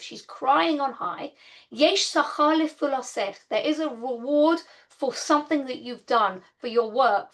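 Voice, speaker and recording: High creaky-voiced woman teaching Torah. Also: a bit bright. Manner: explains step by step, reads Hebrew verses then translates; earnest and heartfelt. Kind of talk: online Bible lesson.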